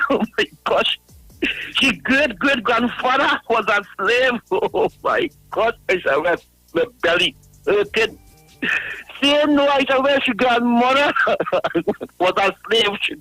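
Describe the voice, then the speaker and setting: A man calling in to a radio show, ranting in a high voice, laughing through his words and mocking a critic again and again. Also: bright, forceful tone, no echo, low-quality recording. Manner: repetitive, mocking, addresses a critic by name. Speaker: radio caller. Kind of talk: ranting call-in. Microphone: phone line.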